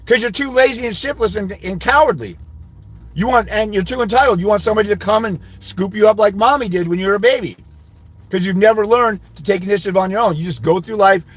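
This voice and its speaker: A man's voice: high-pitched, fast talker, slightly rough, no room sound. A man giving fathers' rights custody advice, ranting indignantly during a livestream while answering comments.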